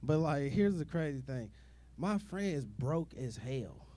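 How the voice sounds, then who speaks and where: A man's voice: a little high, sing-song, a little slow, mellow. A young man doing a rambling, profane stand-up comedy set, full of fillers and asides to the crowd.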